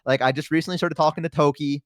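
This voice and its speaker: A guest streamer chats casually on a stream, telling animated stories and acting out the quotes of the people in them. His voice is on the high side and fast, captured with studio quality and no echo.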